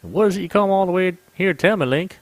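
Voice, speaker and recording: Man doing a young queenly chief, higher voice, loud and formal, imperious, game reading. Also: fast talker, close to an everyday voice. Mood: commanding. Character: young female desert chief, regal and commanding.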